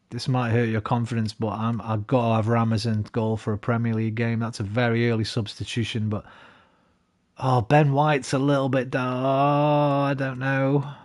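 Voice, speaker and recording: A man streaming a football management game, chatting with viewers and swearing when it goes wrong. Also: mid-range voice. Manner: swearing, chatty, flares into frustrated outbursts. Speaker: gaming streamer. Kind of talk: live game stream chat. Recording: noisy background.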